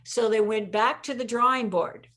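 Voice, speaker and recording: A woman's voice: on the high side, normal speed, fairly bright tone. A woman being interviewed, telling stories with energy and emphasis and laughing at her own jokes. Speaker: interview guest, communication expert. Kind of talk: conversational interview.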